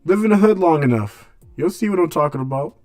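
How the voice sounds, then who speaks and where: A man's voice: on the high side, expressive, a little fast, a little mellow, no echo. Blunt man preaching in street slang. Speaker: radio show host. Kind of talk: casual commentary monologue.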